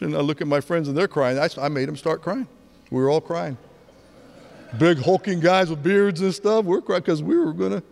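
A man in his sixties preaching a sermon, telling stories with energy and dropping to a hush for emphasis. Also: on the high side, normal speed, gravelly. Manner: animated storytelling, swings from loud to hushed. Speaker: pastor. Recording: long hall reverb.

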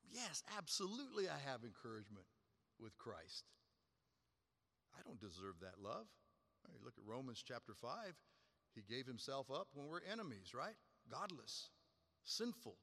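Man preaching with bright, ringing emphasis. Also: in a large hall. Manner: emphatic preaching, swinging between loud high stresses and quiet low drops. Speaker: pastor. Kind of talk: sermon.

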